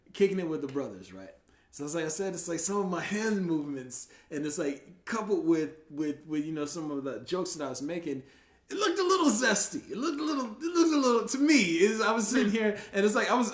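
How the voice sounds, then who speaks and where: A man hosting a podcast, telling stories in casual chat, slangy and profane, swinging from loud laughing outbursts down to low murmurs. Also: roomy sound. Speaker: podcast host.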